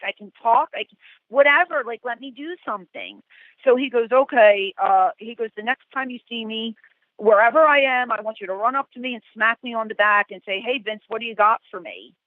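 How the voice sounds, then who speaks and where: A middle-aged woman, a guest, telling animated stories and acting out the quotes. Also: on the high side, no echo. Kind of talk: storytelling interview. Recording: tinny phone-like call, dry.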